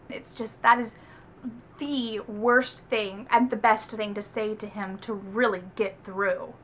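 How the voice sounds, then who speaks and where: Woman from the American South, book review vlog, chatty, bright forceful tone, slightly high voice. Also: unhurried, slight background noise. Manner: chatty, animated, heavy use of "like".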